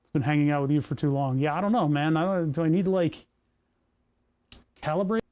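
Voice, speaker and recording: A man's voice: on the high side, fairly quick, darkish tone. A man who streams on Twitch, chatting casually to himself while tinkering at his workbench, grumbling and joking.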